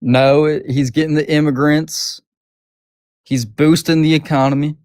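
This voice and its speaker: A man's voice: fairly high pitch, fairly even intonation, measured pace, darkish tone, no echo, clean studio sound. A man, calling in to provoke a host. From Arkansas, US. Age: 20s. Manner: trolling, provocative, defiant. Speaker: caller.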